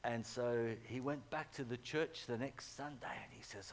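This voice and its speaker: A middle-aged pastor preaching a sermon, telling stories with animated swings from loud urging to hushed tones. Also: male voice, medium pitch, moderate pace, few pauses, slight background noise.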